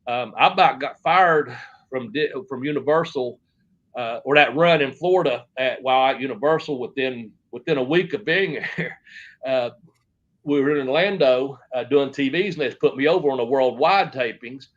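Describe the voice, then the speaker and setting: A middle-aged man, appearing as an interview guest, tells wrestling stories casually in a rambling, profane way. He restarts often and quotes back-and-forth dialogue, speaking at normal speed in a mid-range, slightly bright voice over lo-fi sound.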